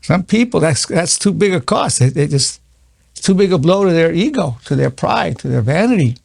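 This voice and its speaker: A man's voice: fairly high pitch, big pitch swings, normal speed, vocal fry, darkish tone, dry recording. A man in his eighties, a psychologist giving an earnest spoken lesson, repeating key phrases with stammering restarts. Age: 80s.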